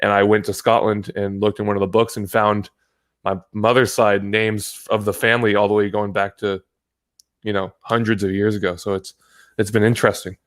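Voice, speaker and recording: A man's voice: on the low side, little pitch movement, moderate pace. A man from the United States, a guest on the show, talking in a rambling casual way, swearing freely and often restarting his sentences. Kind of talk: casual chat. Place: home in California.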